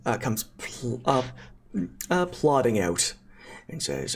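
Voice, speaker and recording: Deep gravelly male game master, animated and playful. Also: slow. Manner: playful, loose narration with many fillers. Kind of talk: narrating a tabletop game.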